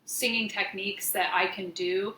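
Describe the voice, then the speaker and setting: A woman's voice: medium pitch, fairly even intonation, moderate pace, bright, forceful tone. A woman in a casual chat, speaking thoughtfully and searching for words. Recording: echoey room with faint noise.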